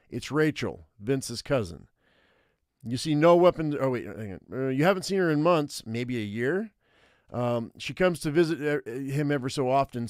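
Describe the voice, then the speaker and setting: A man streaming live, reading an interactive zombie story aloud in a casual, halting way, with fillers and self-corrections. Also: medium pitch, a little mellow, smooth, no echo, clean studio sound. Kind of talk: live reading of a text game.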